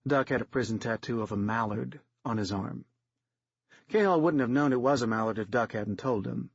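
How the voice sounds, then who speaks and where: Husky matter-of-fact man narrator. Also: medium pitch, normal speed, dry recording, dull audio. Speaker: audiobook narrator. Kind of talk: third-person audiobook narration.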